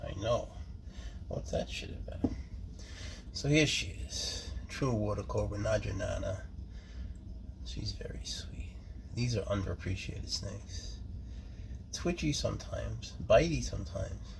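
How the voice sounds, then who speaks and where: A man who keeps snakes, talking casually and fondly about them, slipping into doting baby talk and soft whispers. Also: fairly low pitch, expressive, unhurried, vocal fry, long pauses. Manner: drops to soft whispers at times. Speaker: snake keeper. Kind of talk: casual talk to camera while handling snakes. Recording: faint background noise.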